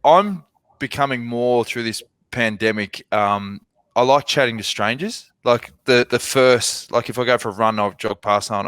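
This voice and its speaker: A young podcast co-host chats casually, telling stories and acting out little exchanges along the way. His medium-pitched voice is clear, resonant and a bit bright at normal speed, with no room sound.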